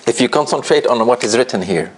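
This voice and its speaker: A man teaching a recitation class in a relaxed, conversational way, often checking understanding with "right?" and putting questions straight to his students. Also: medium pitch, fast, a little hiss or hum. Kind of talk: classroom lesson.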